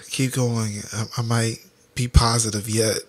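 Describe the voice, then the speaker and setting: A man hosts a loose, joking podcast. His voice is husky. He talks in a flat, gloomy deadpan. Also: medium pitch, slow. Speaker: podcast host. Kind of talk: casual podcast banter.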